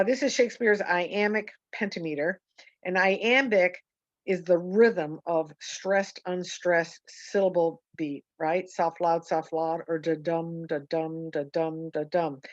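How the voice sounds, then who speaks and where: A woman teaches a poetry lesson over a video call, wandering through her points and correcting herself as she goes. Her voice sits a little low. The call audio is dull and dry, with no room sound. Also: dry recording. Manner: rambling, self-correcting, many ums.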